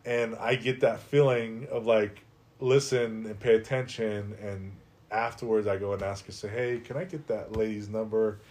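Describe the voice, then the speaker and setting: A middle-aged man, a guest on a podcast, telling a personal story in a lively, conversational way with lots of "like.". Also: lowish voice, moderate pace. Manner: animated, conversational, heavy use of "like". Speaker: podcast guest, life coach.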